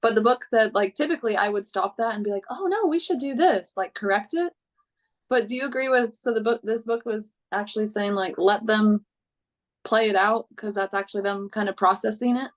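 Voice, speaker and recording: A woman's voice: medium pitch, steady tone, fairly quick, rough recording. A woman, a mother of three, chatting casually on a video call and thinking aloud as she asks for advice. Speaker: parent on a coaching call. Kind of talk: casual chat.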